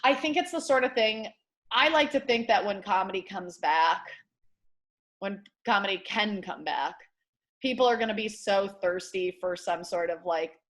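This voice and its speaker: A young adult woman from the Detroit area, a comedian telling a story on a podcast in casual chat, acting out quotes with big loud voices. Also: medium pitch, normal speed. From Michigan, Detroit area. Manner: animated storyteller, acts out quotes loudly. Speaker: comedian guest.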